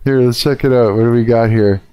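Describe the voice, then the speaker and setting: A man's voice: medium pitch, steady tone, a little fast, dark tone, clear, resonant tone, no echo. A man live-streaming, reacting casually to a video, laughing often and swearing as he thinks aloud.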